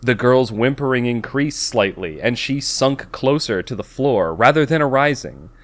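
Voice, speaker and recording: A young man reading overwrought fiction aloud for laughs. He reads slowly and deliberately, restarting and stumbling over words. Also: medium pitch, expressive.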